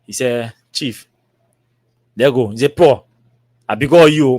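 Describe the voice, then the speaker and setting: In a storytelling monologue, a male talk show host with a Liberian English accent animatedly performs the dialogue, repeating himself often. His mid-range voice moves a little slowly with long pauses, captured in studio quality with no echo.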